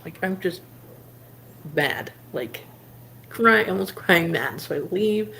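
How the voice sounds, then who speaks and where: A woman's voice: lowish voice, takes it slowly, gravelly, slight background noise. A woman livestream host casually telling a rambling story, full of "like" fillers. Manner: animated anecdote telling.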